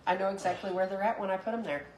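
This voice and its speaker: A woman's voice: mid-range voice, racing, a little mellow, echoey room, slight background noise, rough recording. A woman organizer in casual chat, dry and teasing. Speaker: convention organizer.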